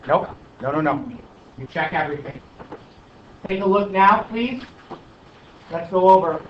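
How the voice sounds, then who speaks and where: A man's voice: sits high, lively intonation, a little slow. A male math teacher questioning and coaxing his students through a problem in class. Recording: echoey classroom from far off, dull, light noise.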